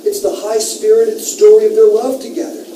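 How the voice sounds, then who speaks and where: A man's voice: high-pitched, steady tone, normal speed, mellow, voice pushed up, lightly acted. A man doing a surfer-dude teenage boy. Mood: gushing. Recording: roomy room from far off, noisy.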